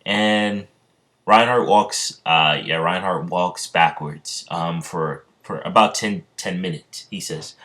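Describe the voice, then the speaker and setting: Low-voiced man rambling through a fan story. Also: slow, sharp tone. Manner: rambling, many fillers and restarts. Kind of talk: casual fan-story narration.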